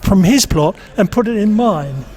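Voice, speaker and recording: Hesitant high-voiced man. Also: lively intonation, warm tone, faint music behind. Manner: hesitant, halting. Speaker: interviewee, amateur actor. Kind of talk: casual chat.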